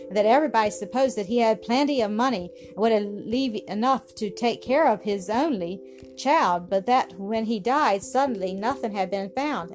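Woman reading a storybook aloud. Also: mid-range voice. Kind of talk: scripted narration of a classic story. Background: music.

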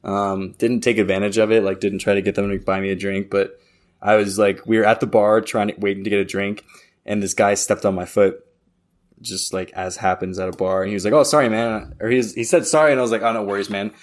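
Young male co-host, deep and low voice, rambling casual storyteller. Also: little pitch movement, brisk. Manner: rambling, heavy use of "like". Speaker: podcast co-host. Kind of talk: casual chat.

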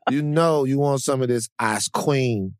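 A man's voice: medium pitch, measured pace, smooth, dry recording, studio quality, close to an everyday voice. A man doing his coaxing, gluttonous alter ego. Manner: coaxing, sly. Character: tempting gluttonous alter ego, a heavier past self.

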